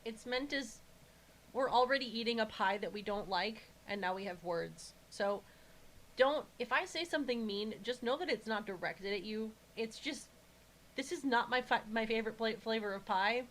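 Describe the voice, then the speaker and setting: A woman co-hosting a casual podcast chat, rambling quickly and laughing often. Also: on the high side, a little hiss or hum, low-quality recording. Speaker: podcast co-host.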